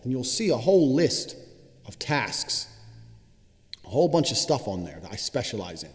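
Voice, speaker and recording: A man's voice: mid-range voice, sing-song, moderate pace. A man delivering a boastful, profane monologue straight to viewers, in a casual self-promoting style. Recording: roomy with long reverb.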